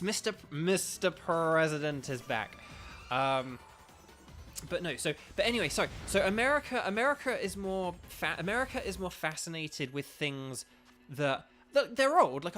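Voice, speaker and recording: A man's voice: fairly high pitch, sharp tone. A young man chatting casually with his stream viewers while playing a game, rambling with lots of fillers. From United Kingdom. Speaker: gaming streamer.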